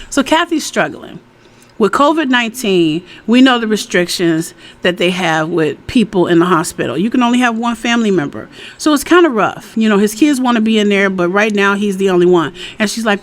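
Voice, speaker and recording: A woman's voice: medium pitch, animated, normal speed. A woman giving a casual, chatty recap of a TV episode, retelling scenes in her own words. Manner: chatty, retells scenes with quoted dialogue, frequent "you know". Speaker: TV recap host.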